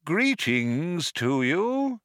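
Man playing an old recorded announcer, hollow, reedy, courteous, menacing, lively pitch. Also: no room sound, studio quality, heavily acted. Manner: polite, measured, with quiet menace.

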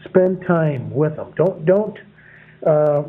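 A man's voice: a little high, lively intonation, slow. Folksy man preaching over a tinny line. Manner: rambling, anecdotal, chuckles at his own stories. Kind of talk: folksy sermon on parenting. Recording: phone-like narrow sound.

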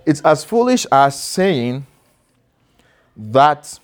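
A man's voice: on the high side, sing-song, drawn-out words. Conversational male pastor teaching a class. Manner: conversational, asks listeners questions and calls on them to read. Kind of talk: interactive sermon.

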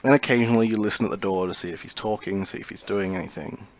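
Low-voiced man narrating as game master. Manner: calm, measured scene narration.

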